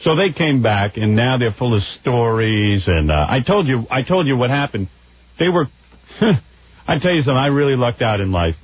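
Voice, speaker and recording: Middle-aged male radio host, husky and sarcastic, animated delivery over a thin, phone-like line. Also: medium pitch, moderate pace. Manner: ranting, sarcastic, lively storytelling. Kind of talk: comic radio banter. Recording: tinny phone-like radio broadcast.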